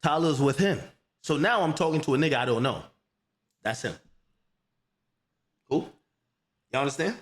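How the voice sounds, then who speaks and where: A man hosting a livestream, telling a heated story in an animated, profane, repetitive way. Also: medium pitch, moderate pace, long pauses. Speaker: livestream host.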